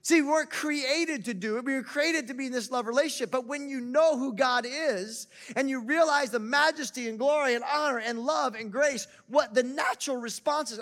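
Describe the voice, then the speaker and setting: Bright high-voiced male pastor preaching. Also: moderate pace, few pauses. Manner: conversational preaching with rhetorical questions. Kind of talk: sermon.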